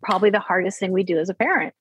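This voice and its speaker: A woman in her fifties, a therapist, explaining parenting in an earnest conversational interview and slowing down to stress her points. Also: mid-range voice, slight background noise, low-quality recording. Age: 50s.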